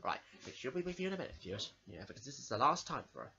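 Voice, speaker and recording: A man hosting a homemade puppet show, talking in a rambling, halting way in a lo-fi home recording. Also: medium pitch, big pitch swings, gravelly, pushed and bright. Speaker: host.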